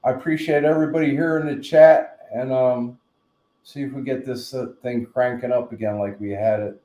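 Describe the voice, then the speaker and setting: Mellow-voiced New man, rambling. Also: medium pitch, fairly even intonation, normal speed, highs cut off. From New Jersey. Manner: rambling, joking storyteller. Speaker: live stream host. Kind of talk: casual live stream chat. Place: home room, in bed. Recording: roomy echo.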